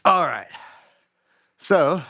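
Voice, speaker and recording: A man's voice: a little high, expressive, extremely slow, bright, forceful tone, husky. A middle-aged man hosting a live workout show, casually coaching and counting reps aloud, a little out of breath as he exercises. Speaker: fitness show host.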